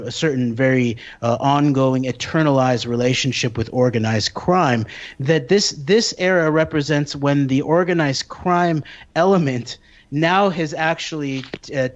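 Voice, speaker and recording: A man in casual political talk who speaks in long winding sentences full of fillers. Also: mid-range voice. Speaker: podcast co-host. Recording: dull lo-fi audio.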